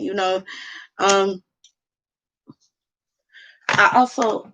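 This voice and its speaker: A woman's voice: medium pitch, wildly swooping pitch, normal speed, vocal fry, long pauses, a bit bright, a little hiss or hum. A woman talking candidly and at length to her viewers from home, rambling and heartfelt. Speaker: vlogger. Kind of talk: casual monologue to viewers. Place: at home indoors.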